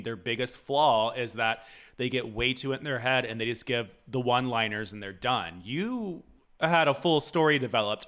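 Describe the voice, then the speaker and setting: Male podcast host, enthusiastic and complimentary, bright tone. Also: medium pitch. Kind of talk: casual interview.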